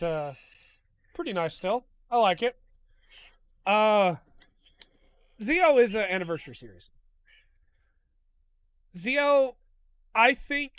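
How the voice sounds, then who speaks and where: A man with a high, smooth voice talks through a show he loves, gushing and getting openly emotional as he retells it. The sound is dry and close, with no room around it. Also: no room sound. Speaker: host. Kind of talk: casual review monologue.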